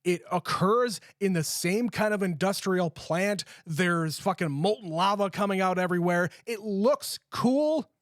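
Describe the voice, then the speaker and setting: A man co-hosting a podcast, retelling movie scenes in animated, casual talk with swearing. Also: high-pitched, measured pace, few pauses, dry recording, clean studio sound. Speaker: podcast co-host. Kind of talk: casual movie review chat.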